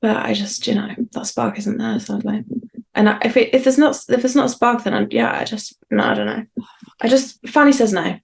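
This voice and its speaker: A woman's voice: fairly high pitch, a little fast, gravelly. A woman co-hosting a podcast, chatting casually and rambling through funny stories with self-mocking humour. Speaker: podcast co-host. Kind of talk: casual chat.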